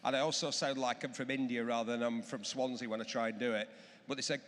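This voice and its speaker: Excitable middle-aged expert telling stories in a hall. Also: male voice, mid-range voice, fast talker. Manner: animated storytelling, emphatic advice. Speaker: motorcycle expert guest. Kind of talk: enthusiastic anecdotal chat. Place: auction hall. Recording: long reverb of a large hall.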